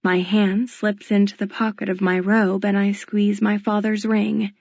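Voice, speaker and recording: A woman narrating a novel in the first person, in a quiet, measured, introspective way. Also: medium pitch, flat delivery, no echo, dull audio. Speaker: audiobook narrator.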